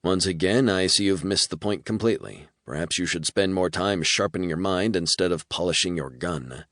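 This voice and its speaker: A man's voice: low voice, moderate pace, fairly bright tone, no echo, studio quality. A man doing a haughty, arrogant scientist. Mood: condescending. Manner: haughty, condescending. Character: arrogant male scientist Doctor Grant.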